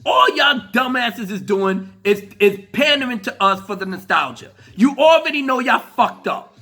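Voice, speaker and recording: A man's voice: very high voice, lively intonation, normal speed, pushed and bright, faint music behind. A man giving a profane, casual commentary rant, mocking and laughing often, with frequent stammered restarts. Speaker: commentary vlogger.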